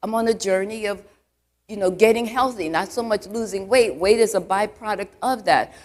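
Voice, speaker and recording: A woman's voice: mid-range voice, moderate pace, darkish tone. A woman church elder giving a conversational sermon to a live congregation in a church, peppering her talk with asides and questions to the crowd. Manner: chatty, full of "you know" asides, quizzes the congregation.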